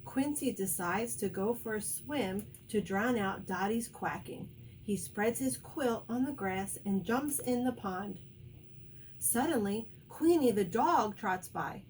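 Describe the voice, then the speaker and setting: A woman teacher reading a picture book aloud to young children, speaking slowly, clearly and encouragingly. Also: medium pitch, lively intonation, darkish tone, distant mic, a little hiss or hum.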